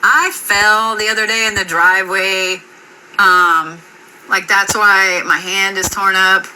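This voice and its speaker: A middle-aged woman talks to her camera in a loose, rambling way, swearing freely and laughing often. Her voice sits at an ordinary middle pitch. Steady background noise and clicks run under the recording. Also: takes it slowly, rough recording. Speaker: vlogger. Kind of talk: casual chat.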